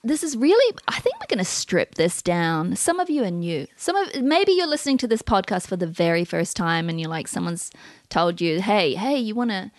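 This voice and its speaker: A woman's voice: lowish voice, sing-song, normal speed, no room sound, studio quality. A woman co-hosting a podcast, chatting casually and giving an upbeat, encouraging pep talk. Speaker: podcast co-host. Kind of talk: casual chat.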